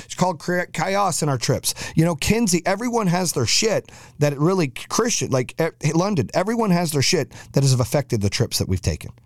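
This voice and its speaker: A man's voice: medium pitch, darkish tone, no echo, studio quality. A middle-aged man hosting his own podcast, ranting bluntly and profanely in a driven, motivational way. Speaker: podcast host. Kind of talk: solo podcast monologue.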